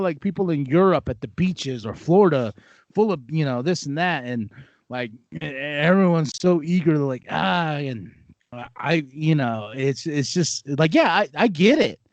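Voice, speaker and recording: A man's voice: on the high side, normal speed, no echo, dull audio. A man co-hosting a podcast in casual chat, telling a story with many stammered restarts and putting on voices for the people in it. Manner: animated storyteller who puts on voices for the people he describes. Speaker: podcast co-host.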